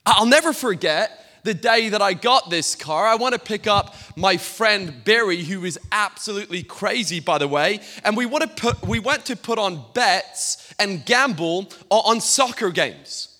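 A Scottish man preaches from the pulpit, spinning funny stories and tripping over repeated words. His voice sits high and sounds sharp and forceful. The sermon rings out with a long reverb through a church hall. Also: lively intonation, a little slow, few pauses. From Scotland. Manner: humorous storytelling, stammering repeats. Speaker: guest pastor.

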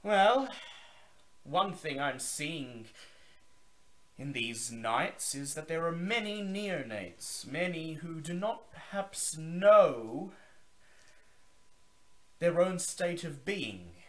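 A man's voice: fairly high pitch, sing-song, very slow, long pauses, voice pushed up, full character voice. A man voicing a grandiose, zealous male vampire elder who declaims to a gathering. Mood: proclaiming. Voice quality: theatrical, declaiming.

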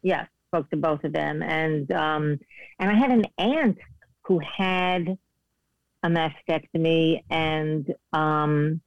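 A woman's voice: sits low, slow pace, dry recording, muffled recording. A woman in her sixties, a guest speaking candidly in casual conversation over a video call. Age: 60s. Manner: candid, chatty, self-deprecating.

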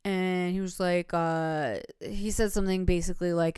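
Rambling chatty woman, crisp dry voice. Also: lowish voice, steady tone, normal speed, hardly any pauses, a little mellow, no room sound. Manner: rambling storyteller, filler-heavy, laughs often. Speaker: podcast co-host. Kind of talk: casual podcast chat.

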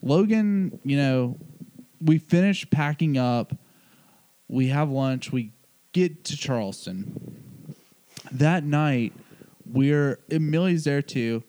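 A man's voice: a little high, lively intonation, takes it slowly, long pauses, dark tone. A young man in casual podcast chat, telling a funny story with lots of laughter. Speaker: podcast co-host.

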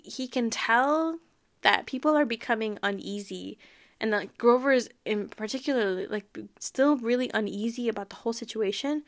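A woman's voice: mid-range voice, a bit bright. A woman hosting a podcast, giving a casual, chatty recap of a book and its TV show, often breaking into laughter. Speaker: podcast host.

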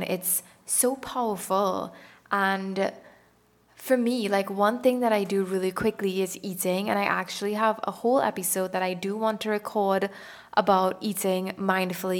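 A young adult woman hosting a self-help podcast, talking casually and earnestly and laughing at herself now and then. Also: medium pitch. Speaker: podcast host.

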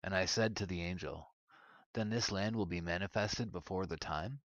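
A man reading an ancient religious text aloud in a measured, solemn way. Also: low-pitched, no room sound, lo-fi sound. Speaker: narrator.

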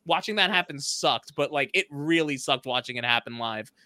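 A man co-hosting a casual podcast chat, animated and swearing freely, with quick restarts. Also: on the high side, no echo. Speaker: podcast co-host.

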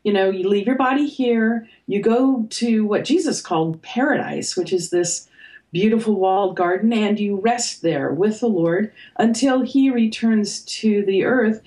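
An older woman, a guest author, speaks in a reflective, thoughtful way. She hesitates with soft fillers and light laughs as she works through her ideas, and her voice sits in a middle pitch. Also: measured pace, low-quality recording. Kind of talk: reflective conversation.

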